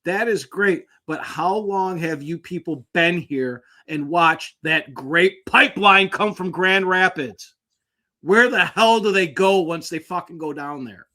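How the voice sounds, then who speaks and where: A man co-hosting a sports talk show, blunt and quick, swearing as he makes his points. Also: sits high, sharp tone. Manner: blunt, swears, rapid-fire.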